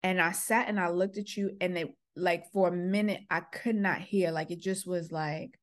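A woman's voice: on the low side, fairly even intonation, moderate pace. A middle-aged woman, a former school principal, earnestly telling a personal story and acting out the quoted exchanges. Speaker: podcast host, former principal.

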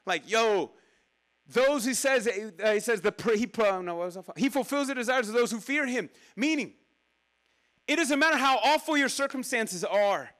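A pastor preaching a conversational, animated sermon, with sudden drops into quiet asides to the congregation. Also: male voice, sits high.

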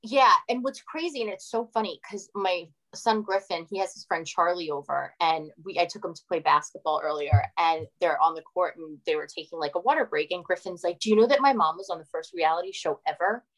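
A woman in her forties, a podcast guest telling animated stories and swearing freely. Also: lowish voice, a little fast, hardly any pauses, low-quality recording. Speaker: guest, former reality TV cast member. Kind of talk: casual podcast chat, storytelling.

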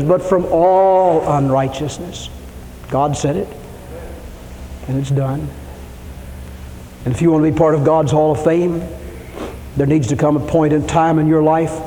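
A man preaching a sermon, telling a story and building to impassioned calls, sometimes dropping to a hush. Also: fairly high pitch. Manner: storytelling, rising to impassioned preaching with shouts and hushed whispers. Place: church sanctuary. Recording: reverberant hall, faint room noise.

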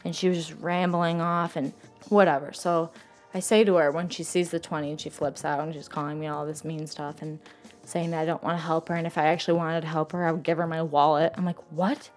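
A woman's voice: low-pitched, little pitch movement, brisk, soft background music. A young woman telling a personal story in casual talk, rambling and saying "like" constantly. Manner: says "like" constantly, rambling and emotional. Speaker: interviewee telling her story.

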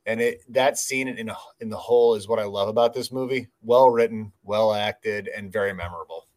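Low-voiced man rambling on a podcast. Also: moderate pace, a little mellow. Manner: rambling, filler-heavy, reflective. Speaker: podcast co-host. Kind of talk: casual podcast chat.

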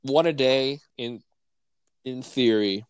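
A relaxed man from the Midwest co-hosts a podcast, rambling through stories with many "like"s. His pitch is ordinary middle, and the recording is dry, with little room sound. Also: slow, clear, resonant tone, dry recording. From American Midwest. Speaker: podcast co-host. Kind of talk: casual chat.

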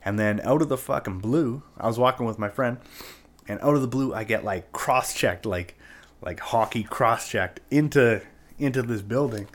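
A man's voice: medium pitch, normal speed. A man telling a personal story in a casual, rambling way, swearing often and filling his talk with "like" and "right?". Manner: rambling and profane, full of "like" and "right?".

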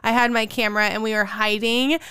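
A woman in her thirties co-hosting a podcast, telling stories in a casual, animated way and laughing often. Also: a little high, fairly quick, smooth, no room sound. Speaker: podcast co-host. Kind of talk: casual chat.

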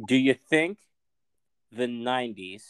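A man's voice: medium pitch, lively intonation, slow, clear, resonant tone, dry recording. A man hosting a casual podcast interview and asking easygoing questions.

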